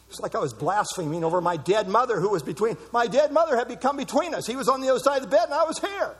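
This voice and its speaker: A middle-aged man preaching a sermon, emphatic, with dramatic pauses. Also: high voice, husky. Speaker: pastor.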